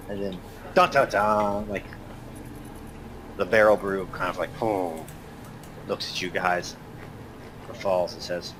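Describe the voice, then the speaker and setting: A man runs a tabletop game, narrating slowly with a lower voice. He hedges and circles back with lots of fillers as he describes scenes. A faint ambient hum sits behind him. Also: fairly even intonation, a bit bright. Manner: hesitant, filler-heavy, lots of "kinda". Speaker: game master.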